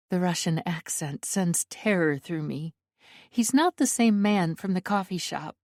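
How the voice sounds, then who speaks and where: A woman narrating a first-person dark romance audiobook with a fearful, tense inner voice. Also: lowish voice, measured pace, dry recording, studio quality.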